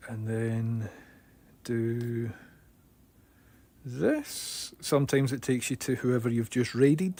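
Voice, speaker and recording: A Scottish man chatting casually to viewers on a live stream, excitable and talkative, speaking into a phone mounted on his head at home. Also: medium pitch, gravelly.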